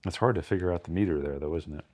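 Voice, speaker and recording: A man co-hosting a podcast, thinking aloud about poems and reading lines of verse slowly with careful stress. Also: low voice, darkish tone. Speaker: podcast co-host. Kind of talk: casual literary discussion.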